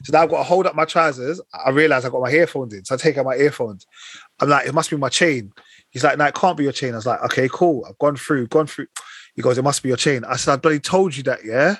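A young man with a slightly husky voice rattles off a long anecdote at a fast clip, full of slang and quoted exchanges. The sound is close and dry. It is casual podcast chat between friends. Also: mid-range voice, a bit bright, dry recording. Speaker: podcast co-host.

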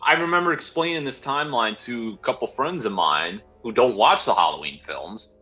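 A man's voice: on the high side, bright, forceful tone. A man co-hosting a podcast in casual chat, rambling and emphatic with some casual swearing. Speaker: podcast co-host.

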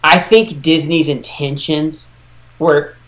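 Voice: medium pitch, fairly even intonation, takes it slowly. A podcast co-host in casual chat, explaining points at length.

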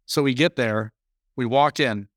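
A man co-hosting a podcast, telling a long story in a rambling, animated way during casual chat. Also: medium pitch, unhurried, no echo, studio quality. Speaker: podcast co-host.

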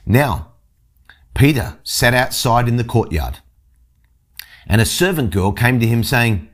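A man's voice: medium pitch, lively intonation, unhurried, pauses often. A man reading a scripture passage and then explaining it in an earnest teaching style, often restarting his sentences. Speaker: Bible teacher.

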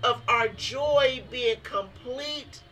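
A woman's voice: fairly high pitch, drawn-out words, distant mic, slight background noise, rough recording. A woman co-hosting a Christian radio Bible study, reading scripture and exhorting listeners. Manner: warm exhortation, reads scripture aloud, addresses listeners. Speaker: radio Bible teacher, co-host.

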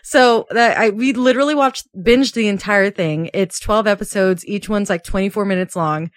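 Woman, late 20s, co-host, chatty storyteller, laughs a lot, middle pitch, dry close mic. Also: moderate pace, no echo. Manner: chatty, laughs often, acts out quotes with a jump in pitch. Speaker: podcast co-host. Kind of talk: casual chat.

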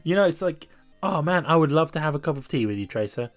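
A young man hosting a casual podcast, talking in an animated, laughing way and often repeating himself. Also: fairly high pitch, fast talker, faint music behind. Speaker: podcast host. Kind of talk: casual gaming podcast chat.

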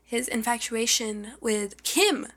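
A young woman co-hosting a podcast, gossiping casually, saying "like" constantly, with excitable gasps and squeals. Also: on the high side, slow. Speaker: podcast co-host.

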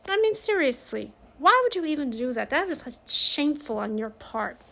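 A woman in mourning talks openly in a personal monologue, her voice sitting a little high. She is frank and confiding, rising into emphatic bursts when something stings. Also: very animated, normal speed, gravelly, fairly bright tone. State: grieving.

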